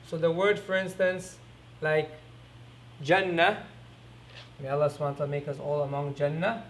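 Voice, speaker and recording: A man teaching an Arabic lesson, repeating each word slowly and asking quick rhetorical questions as he writes on a board. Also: on the high side, fairly even intonation, slight background noise. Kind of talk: recorded classroom lesson.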